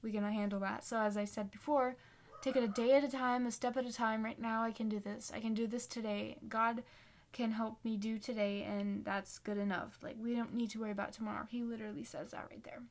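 A young woman in her late teens, chatting earnestly and casually about faith and reading scripture, with lots of "like" fillers and quick self-corrections. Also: a little high, flat delivery. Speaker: faith encouragement vlogger.

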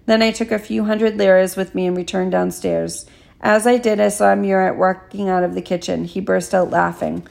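Creaky-voiced woman reading an audiobook. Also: medium pitch, steady tone, moderate pace, darkish tone. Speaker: audiobook reader. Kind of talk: audiobook narration.

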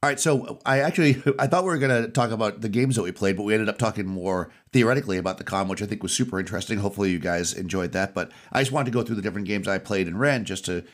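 A man's voice: lowish voice, very fast, few pauses. A man co-hosting a podcast in casual chat, rambling and correcting himself as he recounts the games he ran. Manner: rambling, self-correcting storyteller. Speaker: podcast co-host and game master.

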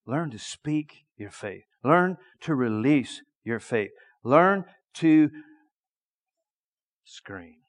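A middle-aged male preacher telling a story in a sermon, dropping to a hush and then shouting. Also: fairly high pitch, slow pace. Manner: lively storytelling that swings from hushed to shouting.

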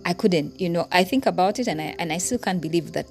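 A woman hosts a podcast in a rather low voice, talking earnestly and from the heart. She speaks straight to her listeners in a reflective personal monologue, with faint music playing under her words. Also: fast, a little mellow. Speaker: podcast host.

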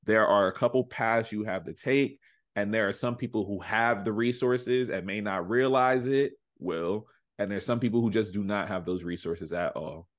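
A man with a fairly low voice in a relaxed podcast conversation. He thinks things through out loud and now and then jumps up into a playful quote. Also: moderate pace. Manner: reflective, lets out playful quoted asides. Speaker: podcast co-host. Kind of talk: casual recap chat.

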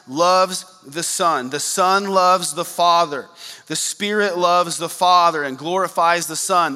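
A man, a pastor, preaching a sermon with animated, joking asides. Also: high voice. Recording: long reverb of a large hall.

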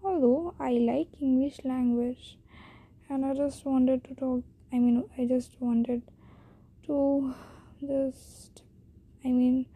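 A teenage girl with an Indian accent rambles slowly and hesitantly through her casual solo podcast. Her slightly high voice is dark and mellow, touched with breathiness. She comes across as shy and self-deprecating.

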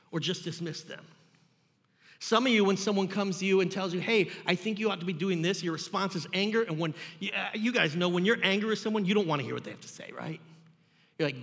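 A young man leads a youth group Bible lesson with a high, ringing, bright voice. He tells funny stories and teases the kids as he teaches. The sound carries a long reverb from the room. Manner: jokey, animated storytelling with asides to the kids. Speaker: youth pastor.

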